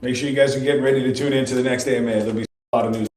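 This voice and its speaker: A man from a studio's operations side, joining a casual live voice-chat update and speaking in a quick, upbeat, businesslike way. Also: medium pitch, fairly even intonation, darkish tone, roomy sound, a little hiss or hum, rough recording.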